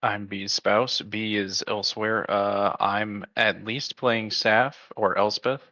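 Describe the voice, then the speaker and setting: A man playing in a tabletop game with a flat, dry delivery. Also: fairly low pitch, slow, dry recording, lo-fi sound. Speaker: player. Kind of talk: casual tabletop game chat.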